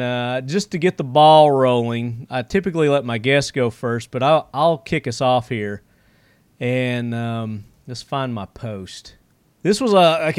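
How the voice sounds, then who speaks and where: A man hosts a casual podcast, telling stories in a loose, rambling way with plenty of fillers and easy chuckles. His voice is smooth and clear at an ordinary male pitch, and it sounds dry and close to the mic. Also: dry recording. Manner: rambling storyteller, many fillers, chuckles often. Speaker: podcast host.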